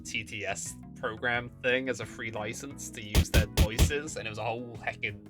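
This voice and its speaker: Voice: medium pitch, fairly even intonation, moderate pace, over loud music. A streamer chatting live, greeting viewers with bubbly, goofy exclamations.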